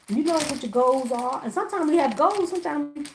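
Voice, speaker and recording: A woman's voice: sits high, animated, brisk, noisy background. A woman hosting a casual livestream, chatting with viewers by name and laughing often as she wraps gifts. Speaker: livestream host wrapping gift baskets.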